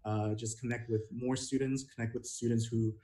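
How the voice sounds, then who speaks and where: A man's voice: mid-range voice, moderate pace. Laughing Indonesian man on a video call, roomy. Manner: relaxed, laughs often, hesitant fillers. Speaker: guest, campus missionary. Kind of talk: casual interview over video call.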